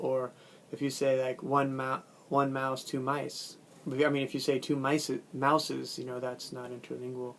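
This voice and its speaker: A man with a Californian accent teaches a language lesson on video. His pitch stays level with little rise and fall. He speaks loosely, with frequent fillers and self-corrections. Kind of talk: recorded video lecture.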